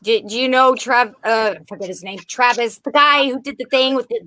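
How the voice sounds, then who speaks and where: A woman's voice: on the high side, a little fast, sharp tone, dry recording. A woman chatting casually on a livestream, scattered and searching for words.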